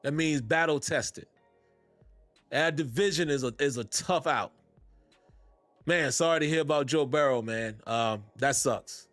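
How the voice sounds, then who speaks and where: A man's voice: medium pitch, a little slow, long pauses, fairly bright tone, no room sound, faint music behind. A man hosting a sports fan podcast, talking casually with easygoing slang and frequent laughs. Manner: laid-back Southern-tinged slang, laughs often. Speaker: podcast host.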